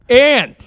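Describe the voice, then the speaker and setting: A man's voice: fairly bright tone, dry recording. A man voicing an eccentric, boastful male film actor who rambles and slips into sing-song.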